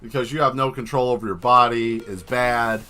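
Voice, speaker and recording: Bright-voiced man ranting on a stream. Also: mid-range voice, fairly even intonation, normal speed. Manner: joking, rambling, breaks into laughter. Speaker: livestreaming artist. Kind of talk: casual livestream rant.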